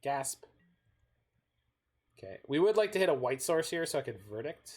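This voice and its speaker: A man's voice: fairly high pitch, sing-song, fast, darkish tone, slightly rough. A man from Canada chatting casually while he plays a card game on stream and thinks aloud. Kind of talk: casual gameplay chat.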